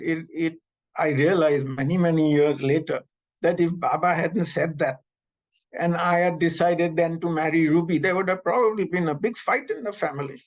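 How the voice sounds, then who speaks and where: A man in his seventies, from Pakistan, telling memories as an animated storyteller who acts out the dialogue. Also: a little high, rough recording. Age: 70s. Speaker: interviewee recounting memories. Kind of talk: storytelling reminiscence. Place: North America.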